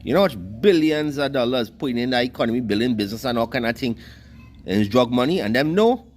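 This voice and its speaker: A man's voice: medium pitch, lively intonation, quick pace, darkish tone. Man, Trinidadian accent, ranting monologue, scornful, cusses a lot, faint background noise. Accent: Trinidadian Creole English. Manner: heated, scornful, cusses freely.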